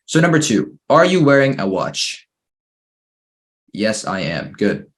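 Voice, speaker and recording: A patient man leads an English grammar lesson for children over a computer microphone, his voice sitting fairly low. He reads each exercise out slowly and encourages every answer. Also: sing-song. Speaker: English teacher.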